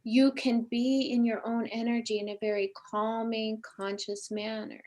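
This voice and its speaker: A woman guest on a spiritual talk show, speaking in a fairly high voice. She is effusive and encouraging, and she affirms what her host says with warm enthusiasm. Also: level tone, moderate pace. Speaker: guest psychic medium.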